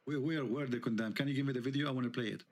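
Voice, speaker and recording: A man's voice: medium pitch, steady tone, very fast, darkish tone. Indignant man. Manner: heated, indignant, rhetorical questions. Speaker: online show host. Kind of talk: live online debate talk.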